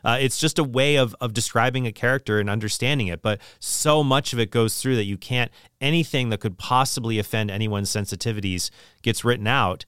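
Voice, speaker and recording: A man's voice: medium pitch, brisk, fairly bright tone, smooth, dry recording, studio quality. A middle-aged man talking casually and opinionatedly about books, rambling with frequent restarts.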